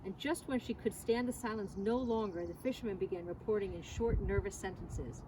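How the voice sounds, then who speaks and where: A woman reading a children's novel aloud with expressive, animated delivery, outdoors at a barn. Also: medium pitch, a little fast. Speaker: reader. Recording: distant mic, loud outdoor noise. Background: outdoor noise and passing vehicles.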